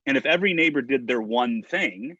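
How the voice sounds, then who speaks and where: A man's voice: mid-range voice, lively intonation, fairly quick, bright, forceful tone, dry recording, muffled recording. A man talking casually on a podcast, emphatic and chatty, often checking in with "right?".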